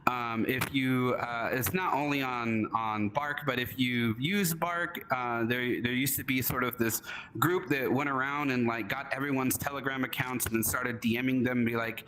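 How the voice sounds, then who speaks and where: A man's voice: mid-range voice, fairly even intonation, moderate pace, a bit bright, a little hiss or hum, rough recording. A man speaking on a conference panel, talking casually and breaking into raised mock voices of scammers. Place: convention panel room.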